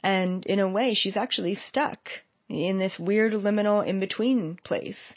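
A woman tells a story in a casual, animated way and throws herself into the quoted lines. Her voice sits in the middle register for a woman. The recording is dull and lo-fi, with a dry, close sound. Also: medium pitch, unhurried, no echo. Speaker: psychic medium.

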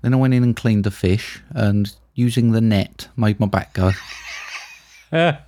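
A man's voice: on the low side, measured pace, mellow, a little hiss or hum. Laid-back man, casual banter. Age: 30s. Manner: chatty, laughs at his own stories, swears freely. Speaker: podcast co-host.

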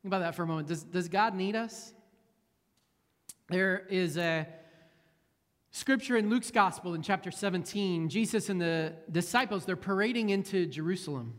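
Pastor preaching in a reverberant church. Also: male voice, high-pitched, moderate pace, fairly bright tone. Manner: conversational, repeats words, many fillers and restarts. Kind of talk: sermon with prayer. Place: church sanctuary. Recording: long hall reverb.

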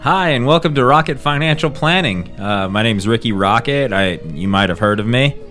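A man improvising a washed-up male hair metal rocker turned financial planner, rambling through a sales patter with sudden shrieked yells. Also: mid-range voice, expressive, normal speed, faint music behind, close to an everyday voice. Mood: rambling pitch. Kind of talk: improvised comedy sketch.

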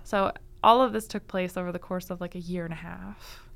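A woman's voice: fairly low pitch, fairly even intonation, fairly quick, gravelly, fairly bright tone. A young woman casually telling a history story on a library podcast, laughing often and saying like and um a lot. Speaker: library staff guest presenting book picks.

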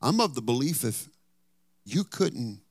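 A male pastor preaches with a storyteller's drive. He swings from loud, emphatic outbursts down to hushed whispers to drive home his points. His voice sits at a middle pitch and is recorded close and dry, with no room echo. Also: big pitch swings, a little slow, breathy edge. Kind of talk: sermon.

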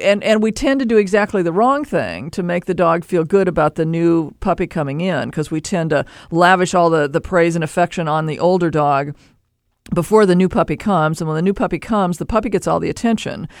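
A man hosting a call-in advice show, explaining pet behavior in an animated way with playful asides. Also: high-pitched, dry recording, studio quality. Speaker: pet behavior expert host.

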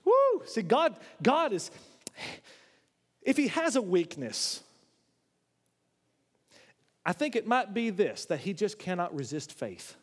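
A man preaching a sermon in a church, animated, swinging between loud, high exclamations and low, quiet asides. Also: takes it slowly, long pauses. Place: church sanctuary. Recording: long hall reverb.

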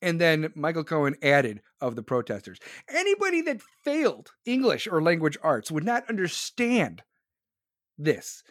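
A man's voice: a little high, wildly swooping pitch, measured pace, a bit bright, no echo, studio quality. A man delivering profane political commentary in a crude, sarcastic manner.

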